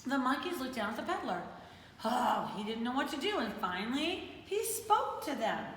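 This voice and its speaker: Animated woman reading a story to kids. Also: on the high side, moderate pace. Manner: animated, talks to kids and plays with puppets. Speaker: children's storyteller. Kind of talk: reading a picture book aloud to children. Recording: echoey hall with faint noise.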